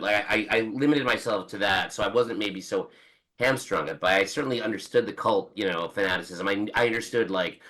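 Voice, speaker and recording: A man's voice: low-pitched, pushed and bright, poor audio. A man in his forties, a book's author, chatting as a guest on a podcast in a rambling way with many restarts and quoted asides. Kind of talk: casual podcast interview.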